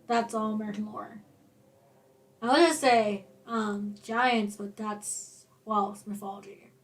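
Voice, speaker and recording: A woman's voice: mid-range voice, steady tone, unhurried. A woman co-hosting a podcast in casual chat, explaining matter-of-factly and laughing often. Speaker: podcast co-host.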